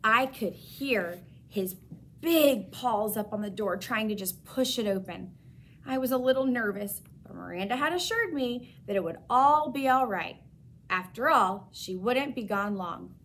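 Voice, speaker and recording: A woman teacher reading a children's chapter book aloud with expressive, lively storytelling. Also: fairly high pitch, unhurried.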